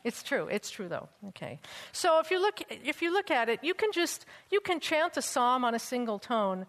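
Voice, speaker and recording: A woman's voice: fairly high pitch, animated, normal speed, a bit bright. Chatty woman teaching hymns in a reverberant hall. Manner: chatty, teasing asides, breaks into chanting and singing. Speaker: church music teacher. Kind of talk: hymnal lecture with sung examples.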